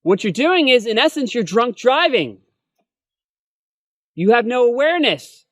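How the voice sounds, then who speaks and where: Earnest high-voiced male self-help lecturer. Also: sing-song, measured pace, a bit bright, dry recording. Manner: earnest, repetitive, addresses viewers as folks, frequent "okay?" and "right?". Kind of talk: spoken personal-development lesson.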